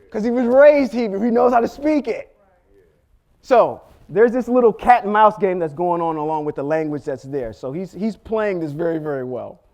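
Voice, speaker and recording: Speaking in a high register, a man gives a sermon-style Bible lesson, recounting the story with animated delivery and acting out what each character says.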